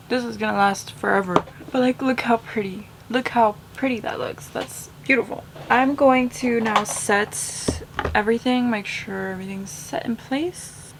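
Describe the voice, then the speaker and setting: A young woman talks through a makeup haul in an eager, gushing way, her speech full of "like" and sometimes dropping into soft asides. Her voice sits a little high. A faint hiss with small clicks runs under the recording. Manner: chatty and effusive, lots of "like", drops to soft asides. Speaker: beauty vlogger. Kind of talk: casual product review.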